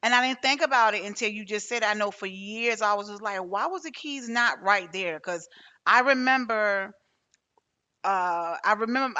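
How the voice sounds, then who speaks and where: A woman's voice: mid-range voice, pushed and bright. A woman hosting a podcast interview, talking casually and hesitantly, with many restarts as she tells a personal story. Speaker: podcast host.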